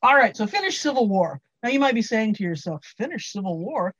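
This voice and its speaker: A woman's voice: on the high side, sing-song, fairly quick, fairly bright tone, no echo. A woman co-host telling a history story in a wry, sarcastic way. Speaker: podcast co-host. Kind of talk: casual political commentary. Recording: dry, slightly dull sound.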